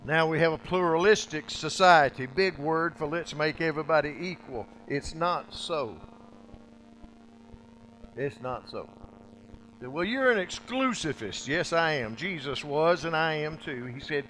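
A man preaching a sermon, emphatic and repetitive, his loudness dropping low and swelling back up. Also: animated, measured pace, slight background noise, rough recording. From United States.

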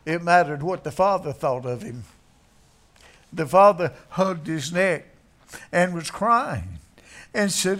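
Folksy preacher acting out a story. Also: male voice, fairly high pitch, lively intonation, slow, long pauses, fairly bright tone. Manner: folksy, acts out voices in the story. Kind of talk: sermon storytelling.

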